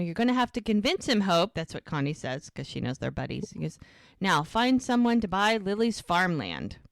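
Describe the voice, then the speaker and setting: A woman's voice: mid-range voice, smooth, no room sound, studio quality. A woman co-hosting a podcast, casually recapping episodes and acting out the characters' lines. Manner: retells scenes, acting out lines with "he goes". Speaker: podcast co-host.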